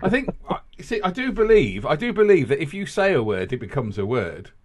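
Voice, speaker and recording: A man's voice: a little high, very animated, fairly quick. A man hosting a podcast, rambling and jokey in casual banter, laughing often. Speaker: podcast host.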